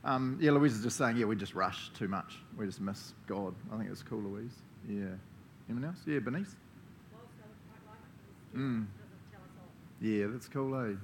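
A man's voice: lowish voice, unhurried, long pauses, a little hiss or hum. A male pastor giving a casual, interactive sermon, joking and chatting with the congregation. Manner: jokey, playful, chatty.

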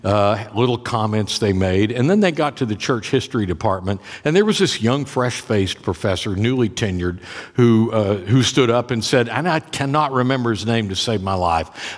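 A pastor with a fairly low, expressive voice tells a personal story during a sermon, speaking at a normal pace in a conversational style. He often repeats and restarts words, and the church's long reverb trails behind him.

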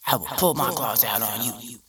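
A man's voice: mid-range voice, moderate pace, a bit bright, reverberant, far from the mic, lightly acted. A man voicing a lazy, grumpy house cat who grumbles crudely about being woken from a nap. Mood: irritated.

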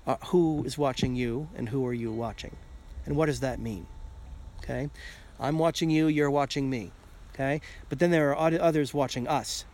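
A man's voice: mid-range voice, moderate pace, darkish tone, slight background noise. A man hosting a podcast in a casual solo monologue, rambling and checking in with "okay?" as he goes. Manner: rambling, keeps asking "okay?", swears casually. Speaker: podcast host.

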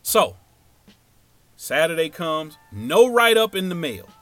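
A man's voice: a little high, takes it slowly, no echo, faint music behind. A man telling a childhood story as stand-up comedy, acting out each character. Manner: animated, acts out every character.

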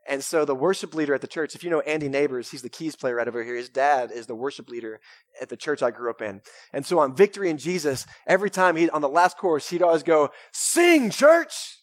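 A young man, preaching a sermon in a casual, energetic way with lots of "right?" and "man". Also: a little high, fast talker, no echo, clean studio sound. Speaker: pastor. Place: church sanctuary.

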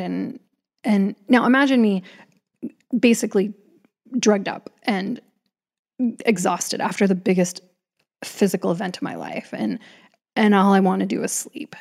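A woman in her thirties tells a personal story in a loose, chatty way, doubling back and adding asides as she goes. Her voice has a gravelly, fry-laden texture at a middling pitch. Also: moderate pace, pauses often, darkish tone. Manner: chatty, frequent restarts and asides.

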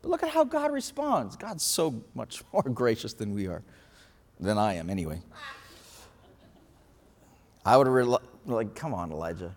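A man preaching a sermon, telling a story with lively acted-out quotes. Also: mid-range voice, measured pace, long pauses. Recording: reverberant hall.

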